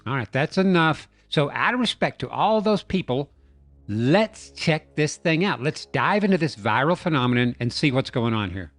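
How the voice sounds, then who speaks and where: A man's voice: on the high side, very animated, moderate pace, fairly bright tone, dry recording. Jokey man narrating a video breakdown. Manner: jokey, playful storytelling. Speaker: YouTube host. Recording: dry voice-over with faint music.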